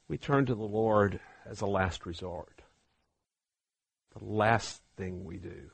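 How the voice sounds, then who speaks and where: A man preaching a sermon, swinging from hushed, slow passages to loud, fervent ones. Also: on the low side, gravelly, breathy edge, no room sound.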